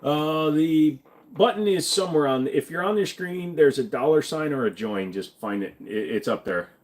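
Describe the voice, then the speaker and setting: A man's voice: on the high side, lively intonation, moderate pace. A man in casual live stream chat, reading viewer questions aloud and answering them in a crude, joking way. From Virginia.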